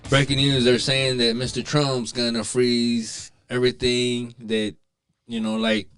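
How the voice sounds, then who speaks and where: A man's voice: medium pitch, flat delivery, unhurried, a bit bright, smooth, faint music behind. Slangy co-host man, stammering starts. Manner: loose, slangy, stammers when starting a thought. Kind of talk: casual podcast chat.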